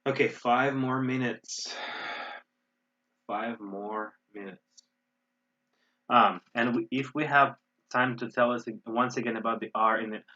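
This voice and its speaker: American guy teaching english online, lowish husky voice, lots of ums, muffled audio. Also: normal speed. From United States. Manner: relaxed, explanatory, with frequent fillers and restarts. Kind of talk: online webinar lesson.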